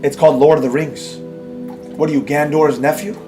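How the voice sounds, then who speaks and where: A man's voice: fairly high pitch, fairly even intonation, brisk, over music. A man hosting a live trading stream, scolding his audience with emphatic repeats and rhetorical questions while reading and answering chat. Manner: reads and answers viewer chat. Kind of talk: ranting live-stream lecture.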